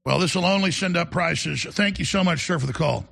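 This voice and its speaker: Male radio host, gravelly and husky, slightly high-pitched, emphatic and rambling. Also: a little fast, fairly bright tone. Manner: rambling, emphatic, repeats words. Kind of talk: call-in radio talk.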